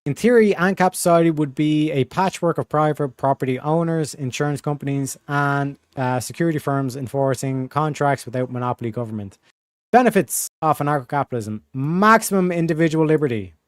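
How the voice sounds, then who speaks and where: A man's voice: on the high side, fairly quick, dry recording, studio quality. A man on a casual livestream reading text aloud and breaking off for sarcastic, crude asides.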